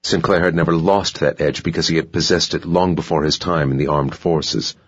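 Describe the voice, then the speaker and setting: A man narrating an audiobook in a slow, measured delivery. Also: extremely low pitch, steady tone, husky, dry recording. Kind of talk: scripted narration. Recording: dull dry audiobook recording.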